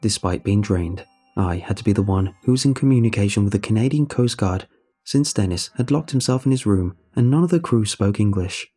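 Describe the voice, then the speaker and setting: Brief: man reading horror fiction, grave and measured, husky dark tone. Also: on the low side, lively intonation, faint music behind. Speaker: horror story narrator. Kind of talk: scripted horror narration.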